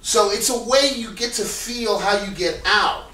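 A man coaching actors in a casual, animated way, talking loudly, swearing and asking lots of rhetorical questions, in an echoey room. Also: high voice, a little slow, noisy background. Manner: loud, animated, profane, full of rhetorical questions. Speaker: acting teacher. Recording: echoey room, distant mic.

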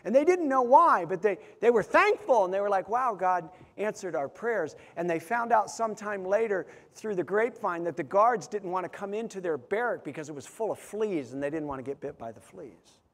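High-voiced preaching man in a reverberant church. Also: lively intonation, fairly quick, hardly any pauses. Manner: storytelling, acts out quotes, rises to loud emphatic peaks. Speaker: pastor. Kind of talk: sermon. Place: church sanctuary. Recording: long hall reverb.

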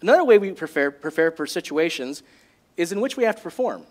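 A man preaching a sermon as a pastor, in a jokey and animated way. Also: fairly high pitch, fast.

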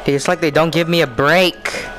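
A young man talking through a horror game in panic, repeating himself and swinging between yelps and low mutters. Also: steady tone, moderate pace. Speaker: gamer playing a horror game. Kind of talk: scared gameplay commentary. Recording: game music playing behind.

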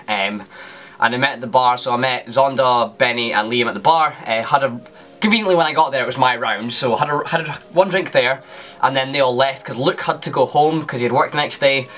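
A man's voice: medium pitch, bright, forceful tone. A young Scottish man telling a casual, rambling story to camera as a YouTuber, with lots of fillers and restarts.

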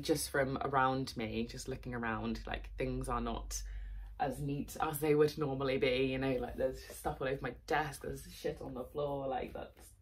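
A young woman talks straight to her camera at home in a low, husky voice. She sounds worn out and low on energy, rambling candidly with plenty of fillers and the occasional swear word. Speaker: fitness vlogger. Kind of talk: casual vlog chat. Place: at home, indoors.

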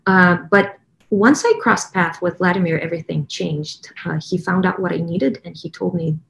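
A woman with a Russian accent talks in an easy, conversational way, stopping and restarting often. Her voice sits a little low. She speaks as a choir director. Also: fairly even intonation, normal speed, creaky, slight background noise. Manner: conversational, many fillers and restarts. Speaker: choir director promoting a training program. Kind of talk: casual promotional talk.

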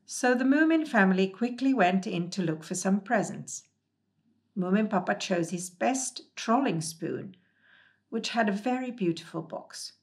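Woman gently reading a storybook. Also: mid-range voice, lively intonation, a little slow.

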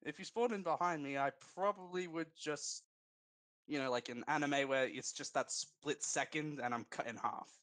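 A man's voice: fairly high pitch, moderate pace, fairly bright tone. A man chatting casually with friends during a game over a headset, rambling and poking fun at himself. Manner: rambling, self-deprecating, laughs often. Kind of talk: casual gaming chat over voice call. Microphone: gaming headset.

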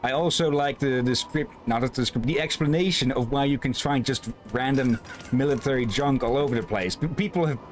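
A man's voice: mid-range voice, a little fast, a little hiss or hum. A man streaming and casually commenting on a game, hesitant and restarting his sentences. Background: game audio.

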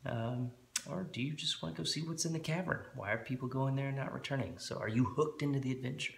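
A man and host, explaining a tabletop game in a relaxed, rambling way with many fillers. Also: mid-range voice, fast talker, gravelly, reverberant. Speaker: dungeon master and channel host. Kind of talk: casual tutorial explanation. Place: room at home with a board.

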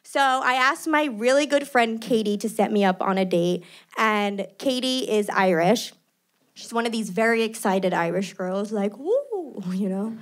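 A young woman from New York City doing stand-up, animated and self-mocking. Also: medium pitch, normal speed. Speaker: stand-up comedian. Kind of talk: stand-up comedy.

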